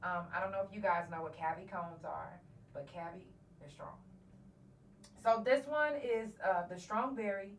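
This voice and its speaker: A woman's voice: fairly low pitch, normal speed, distant mic, slight background noise. Woman host in an echoey room. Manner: candid, profane, emotional storyteller. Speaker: podcast host. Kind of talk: casual live-stream storytelling. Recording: roomy echo, voice from off mic.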